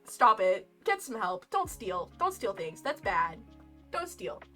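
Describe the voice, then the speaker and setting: A young woman telling a casual story while streaming, animated and rambling, laughing often. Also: mid-range voice, unhurried. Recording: lo-fi game music behind.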